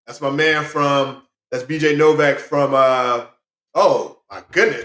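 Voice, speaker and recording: A man giving a casual, rambling movie review, excitable and full of fillers and restarts. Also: mid-range voice, takes it slowly, echoey room.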